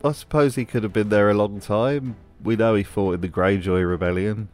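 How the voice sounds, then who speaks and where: A man's voice: on the low side, steady tone, normal speed, darkish tone, faint music behind. A man hosting a scripted commentary video, with a wry, sarcastic manner. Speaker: host.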